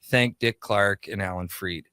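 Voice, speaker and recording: A man's voice: sits low, unhurried, sharp tone, clear, resonant tone, no echo. A man from Minnesota, a radio show creator and guest, telling anecdotes casually in a studio and acting out the dialogue. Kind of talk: casual storytelling.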